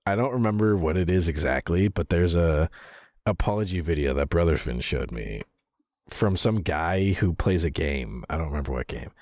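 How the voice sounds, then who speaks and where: A deep-voiced man chats loosely with his stream audience, laughing often and swearing without a second thought. His pitch swings widely as he rambles through restarts and fillers. The sound is close and dry, with no room around it. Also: animated, normal speed, a little mellow, no room sound. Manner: rambling, with fillers and self-corrections. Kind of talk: casual chat reading viewer messages.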